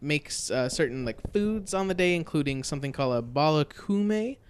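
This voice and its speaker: Smooth-voiced casual podcast co-host. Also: mid-range voice, animated, moderate pace. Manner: loose and rambling, blunt, swears freely. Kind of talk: casual chat.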